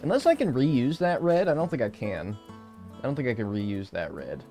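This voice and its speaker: A man's voice: medium pitch, very animated, moderate pace, warm tone, soft background music. A young man live-streaming a game, chatting casually and sarcastically with chat and swearing now and then.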